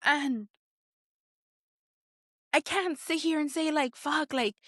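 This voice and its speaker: A woman's voice: high voice, slow, a bit bright, no echo, studio quality. A woman hosting her own podcast, venting bluntly and emotionally with heavy swearing and frequent restarts. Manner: blunt, heavily profane venting; emotional, repeats herself while searching for words. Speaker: podcast host. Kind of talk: candid solo podcast monologue.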